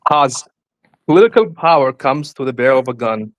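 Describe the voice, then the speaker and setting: A man's voice: medium pitch, animated, fairly quick. A man calling into an online debate, evasive and teasing, often laughing. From Kurdish from Turkey. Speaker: caller.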